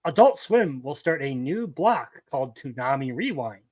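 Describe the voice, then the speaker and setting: A young man co-hosting a casual podcast, speaking in a relaxed, easygoing way with frequent ums. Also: medium pitch, normal speed, no echo. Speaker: podcast co-host. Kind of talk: casual chat.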